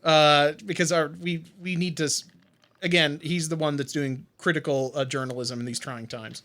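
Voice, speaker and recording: A young man co-hosting a podcast, rambling and animated with lots of fillers and swearing. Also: fairly high pitch, normal speed. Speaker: podcast co-host. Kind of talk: casual chat.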